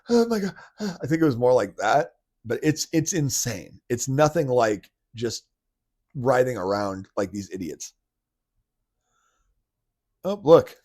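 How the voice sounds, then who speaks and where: A man's voice: mid-range voice, a little mellow. A man hosting a podcast, talking casually in a loose, rambling way with many restarts, blunt and mocking at times. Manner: blunt and mocking, with occasional swearing. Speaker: podcast host. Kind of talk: casual monologue commentary.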